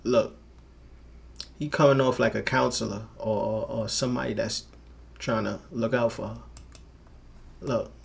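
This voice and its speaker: Gravelly dude reacting to a clip, lots of slang and cussing, gets loud. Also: male voice, mid-range voice, unhurried, pauses often. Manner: animated, profane street slang, laughs and swears. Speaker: reaction video host. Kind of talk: casual commentary over a clip.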